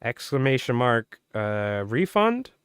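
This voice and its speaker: A man live-streaming, his voice wearing hoarse, calling a marble race play-by-play like a playful sportscaster. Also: medium pitch, big pitch swings, slow, fairly bright tone, no echo, studio quality. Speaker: fly tying live streamer.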